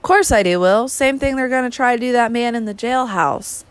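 A woman's voice: fairly high pitch, normal speed, clean tone, no echo, voice pushed up, close to an everyday voice. A woman voicing a bold, teasing young girl who speaks in a playful, knowing way.

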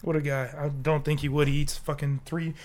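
A man's voice: on the high side, level tone, fairly quick, darkish tone. A sick young man co-hosting a podcast, rambling in casual, profane chat and laughing often. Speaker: podcast co-host.

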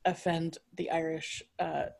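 A woman's voice: low voice, flat delivery, measured pace, creaky, background noise. A woman hosting a casual chat who reads tasting notes aloud, swears freely and stumbles over hard words. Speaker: podcast host.

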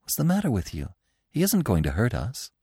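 A man reading an audiobook, voicing a young male deer who speaks earnestly and gently. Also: lowish voice, sing-song, normal speed, no echo, clean studio sound.

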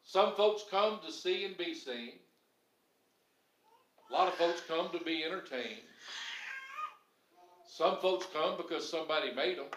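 A man's voice: a little high, lively intonation, a little slow, pauses often, a bit bright. A man preaching a sermon to his congregation, building to emphatic bursts. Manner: preaching with rising, emphatic bursts and Southern phrasing. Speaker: pastor. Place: church. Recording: echoey church sanctuary.

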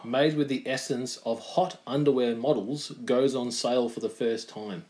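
A man's voice: medium pitch, moderate pace, darkish tone. Chatty male podcast co-host reading headlines. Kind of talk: casual chat, reading news aloud.

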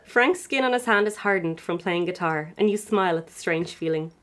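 A woman's voice: on the low side, a little fast, a bit bright. Giggly young woman reading aloud. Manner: giggly, self-mocking, laughing through the reading. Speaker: podcast co-host reading her old fan fiction aloud. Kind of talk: reading aloud with comic asides.

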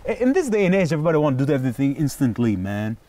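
A man speaking as an interview guest, telling stories in an animated, emphatic way and swearing freely. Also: fairly high pitch, racing, distant mic. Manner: animated, profane, emphatic storyteller. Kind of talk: casual conversation.

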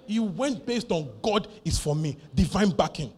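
A man preaching a sermon, animated and emphatic, repeating key phrases over and over. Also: sits high, moderate pace, slightly rough. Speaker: pastor.

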